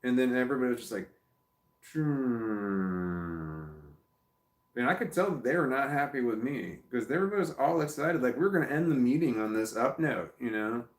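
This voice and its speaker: A man's voice: medium pitch, lively intonation, fast, hardly any pauses, roomy sound. A man talking casually into his phone at home, rambling and swearing, with many restarts. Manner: rambling, profane, lots of restarts. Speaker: vlogger.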